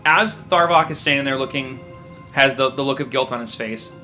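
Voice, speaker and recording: A man's voice: medium pitch, a little fast, pushed and bright. Guy running a tabletop game, rambly, keeps correcting himself, music going behind him. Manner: rambling, self-correcting narration. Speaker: game master.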